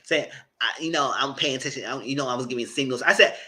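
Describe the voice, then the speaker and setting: A man giving a live commentary on a reality dating show, retelling scenes and talking back to the people in them in a sassy, animated way. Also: fast, heavy background noise. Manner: jumps to high squeals and laughing bursts.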